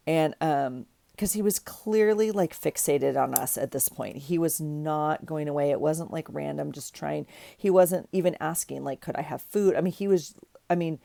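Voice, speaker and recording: Low gravelly chatty woman. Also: normal speed, dry recording. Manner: chatty, animated retelling with many "like"s. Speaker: journaling vlogger. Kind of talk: casual storytelling while crafting.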